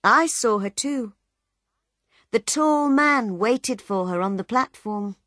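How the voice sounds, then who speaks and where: A firm, knowing mother who speaks with quiet certainty, as a woman reader voices her. Her pitch sits a little above the narration, and the pace is slow. It is recorded close and dry. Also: lively intonation, no room sound. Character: knowing mother of two children.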